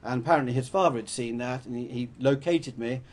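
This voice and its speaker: A man's voice: mid-range voice, fast talker. An older man from England gives a rambling, anecdotal talk to an audience, often correcting himself as he goes. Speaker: public speaker.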